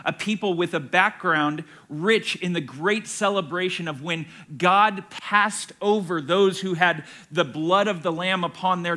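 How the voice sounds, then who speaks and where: A man's voice: high-pitched, bright, forceful tone. A man teaching a church Bible study as a pastor, emphatic, with rhetorical questions and a shifting pace. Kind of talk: sermon-style Bible teaching.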